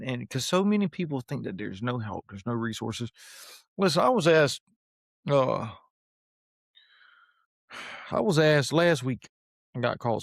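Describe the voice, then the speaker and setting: A man hosting an interview, supportive and conversational, with halting restarts. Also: medium pitch, creaky, no echo, studio quality. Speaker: interview host.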